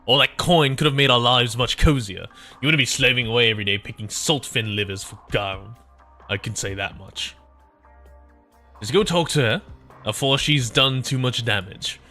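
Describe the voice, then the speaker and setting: A man's voice: medium pitch, moderate pace, bright, forceful tone, soft background music, close to an everyday voice. A man voicing a worried, grumbling male cook who pleads with a friend.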